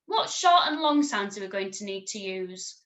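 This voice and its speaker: A woman teaching a recorded music lesson to children, encouraging and clear, singing and chanting examples. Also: mid-range voice, very animated, normal speed, fairly bright tone.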